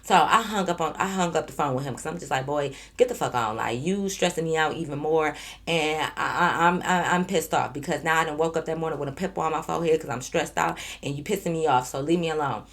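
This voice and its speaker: A woman with a slightly low voice tells a story to her camera in a casual vlog. She is animated and blunt, swears freely and keeps turning to her audience. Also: fast talker, few pauses. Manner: addresses viewers directly. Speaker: YouTube storyteller.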